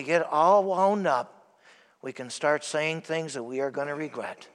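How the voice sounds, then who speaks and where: A man's voice: on the high side, measured pace. A male priest giving a sermon in a church, emphatic and asking the congregation rhetorical questions. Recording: long church reverb.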